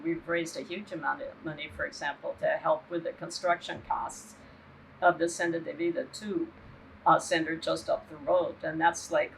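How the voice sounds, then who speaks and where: A woman's voice: deep voice, gravelly, a little hiss or hum, rough recording. An older woman giving an impassioned interview as a human rights activist, earnest and indignant, often checking in with "right?".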